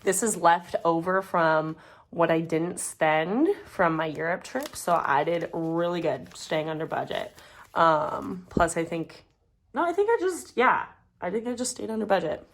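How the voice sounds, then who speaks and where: A woman's voice: fairly low pitch, a little slow. A woman in her twenties chatting casually as a budgeting vlogger, rambling and muttering numbers as she counts bills at home. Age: 20s. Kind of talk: casual chat while counting cash. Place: home, dog nearby.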